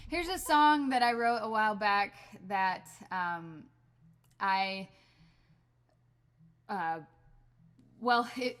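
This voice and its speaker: A woman's voice: mid-range voice, fairly bright tone. Chatty woman hosting a home livestream. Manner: chatty, laughing often, many fillers. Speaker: band member hosting a livestream. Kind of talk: casual livestream chat.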